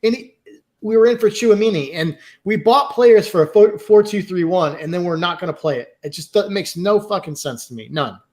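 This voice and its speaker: A man's voice: sits high, lively intonation, moderate pace, darkish tone. A man co-hosting a casual podcast, ranting heatedly and swearing. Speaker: podcast co-host.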